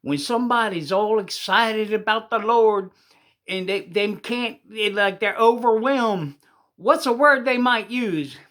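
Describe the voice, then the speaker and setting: A man putting on a showy male church preacher, speaking loudly in a raised voice. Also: a little slow. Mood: solemn. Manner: loud, high preaching voice.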